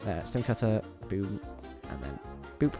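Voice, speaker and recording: Young man, streamer, lowish voice, playful rambling chatter, faint background music. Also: expressive, measured pace, gravelly. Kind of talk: casual chat while gaming. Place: home bedroom.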